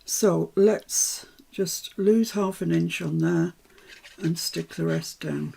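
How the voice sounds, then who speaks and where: A woman's voice: fairly low pitch, takes it slowly, gravelly, mellow, husky. An older woman giving a chatty live craft demonstration, with self-mocking asides while she works. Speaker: craft tutor.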